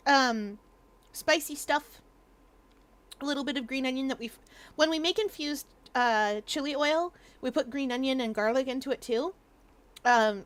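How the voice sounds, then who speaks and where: A woman's voice: high voice, a bit bright. A woman streaming a game, chatting casually while eating, with many ums and restarts. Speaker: VTuber streamer. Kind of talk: casual gaming stream chat.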